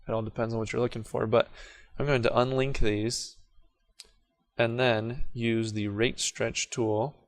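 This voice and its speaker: A man casually talking through a video editing tutorial as he clicks along, correcting himself now and then. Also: mid-range voice. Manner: relaxed, self-correcting, talks through clicks as he works. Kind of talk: casual screen-recorded software tutorial.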